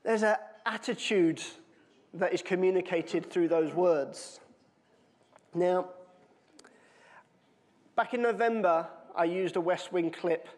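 A man's voice: high-pitched, takes it slowly, pauses often, big-room sound. A man from the United Kingdom preaching a sermon in a casual, chatty way, quoting with emphasis.

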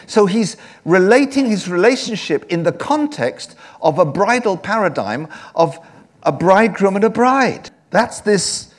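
A man preaching a sermon from England, animated and swinging between soft and loud delivery. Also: high voice, measured pace.

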